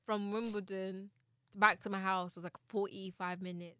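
Young woman, from Hertfordshire, podcast guest, laid-back, bright voice. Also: mid-range voice, flat delivery, moderate pace, smooth. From Hertfordshire, England. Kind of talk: casual chat.

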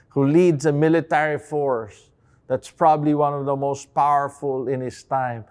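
A man's voice: mid-range voice, fairly even intonation, measured pace, darkish tone. A man giving a devotional sermon, moving from a reflective story told with hesitant restarts to impassioned, rising emphasis. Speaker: preacher.

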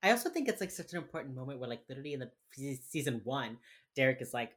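A woman with a very deep, husky voice chats through a TV episode recap. She retells scenes with animation and slips into the characters' lines as she goes. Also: fast talker, a bit bright. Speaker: podcast co-host. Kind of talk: casual chat recapping a TV episode.

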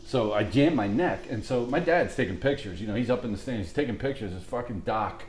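A man co-hosting a podcast, swearing freely in casual, animated chat about old football games. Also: mid-range voice, a little fast, roomy sound, a little hiss or hum. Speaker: podcast co-host.

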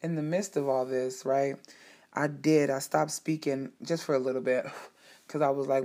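A woman's voice: very deep voice, flat delivery, moderate pace, a little mellow. A woman speaking straight to her audience in a candid personal monologue, heartfelt and emphatic, with frank swearing.

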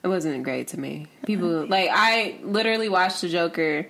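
A woman's voice: lowish voice, normal speed, fairly bright tone, a little hiss or hum. A woman co-hosting a podcast, chatting casually and giving opinions, often trailing off and restarting her sentences. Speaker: podcast co-host. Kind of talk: casual chat.

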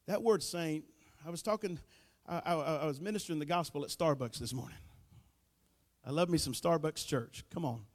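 A pastor preaching a sermon in a folksy, fervent way, building to loud emphasis. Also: male voice, fairly high pitch, normal speed. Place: church sanctuary. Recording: echoey church hall.

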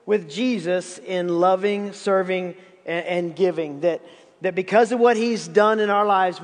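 High-voiced man preaching in a reverberant church. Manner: emphatic, repeats words when stressing a point. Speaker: pastor. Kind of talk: sermon. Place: church sanctuary.

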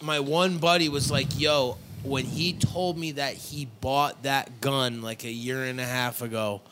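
A man's voice: medium pitch, fairly even intonation, a little slow, noisy background. A man in casual chat as podcast co-host, rambling and swearing, with many fillers.

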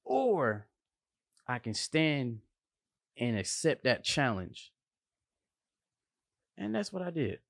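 Slangy hype guy, a cook telling his story slow and animated, dry close mic. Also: medium pitch, gravelly, no echo. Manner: animated and slangy, with playful emphasis and sound effects. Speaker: line cook sharing a motivational story. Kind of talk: casual motivational monologue.

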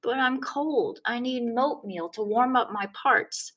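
Brief: woman voicing a whiny five-year-old boy, high and slow, storybook audiobook. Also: recorded from a distance, lo-fi sound. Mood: pleading.

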